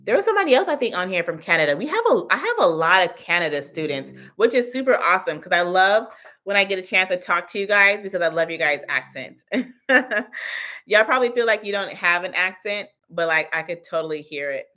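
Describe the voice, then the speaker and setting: A woman's voice: lowish voice, lively intonation, a little fast, sharp tone. Bubbly, chatty woman livestreaming. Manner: chatty, laughs often, reads out chat comments. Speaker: cleaning business coach hosting a livestream Q&A. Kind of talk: casual livestream chat.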